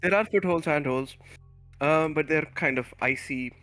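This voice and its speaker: A man running a tabletop game online, narrating with many pauses and fillers. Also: on the high side, fairly bright tone, soft background music. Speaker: game master.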